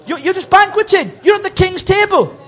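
A man's voice: very high voice, brisk, lo-fi sound, faint music behind. A man preaching a sermon as pastor, acting out voices and singing snatches of hymns. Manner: animated, acts out voices and sings snatches of hymns.

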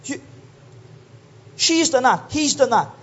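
Male pastor, very high voice, lively preaching with acted asides, muffled lo-fi church tape. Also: slow pace. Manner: animated, acts out voices and sings snatches of hymns. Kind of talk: sermon.

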